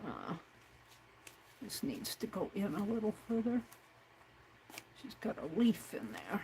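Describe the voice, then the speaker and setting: A woman's voice: medium pitch, big pitch swings, measured pace, vocal fry, warm tone, slight background noise, low-quality recording. A woman hosting a crafting livestream, chatting casually to herself and her viewers while she works. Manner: chatty, talks to herself while working, reads chat aloud.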